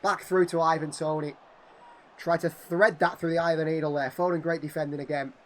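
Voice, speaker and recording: A hoarse man commenting on a football video game as a channel host, switching from calm play-by-play to excited shouting at goals. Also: fairly high pitch, fairly quick.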